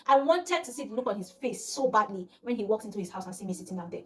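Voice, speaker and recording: A woman's voice: very fast, few pauses. A young woman from Nigeria with a Nigerian accent, telling a personal story in casual vlog chat and acting out the voices of the people in it. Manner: animated, acts out quoted voices, often drops to a low murmur. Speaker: storyteller vlogger.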